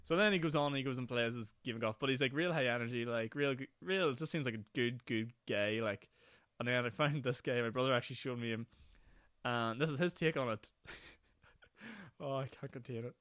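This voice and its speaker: A young Northern Irish man hosting his own podcast, talking fast and rambling from one thing to the next with frequent laughs. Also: medium pitch, a bit bright, no room sound, clean studio sound. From Northern Ireland. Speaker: podcast host. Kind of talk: casual solo podcast chat. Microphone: podcast microphone.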